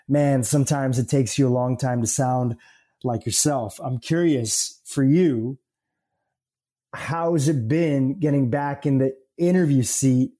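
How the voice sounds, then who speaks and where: A man's voice: medium pitch, mellow. A male podcast host who asks questions in a reflective, thoughtful way. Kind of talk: conversational interview.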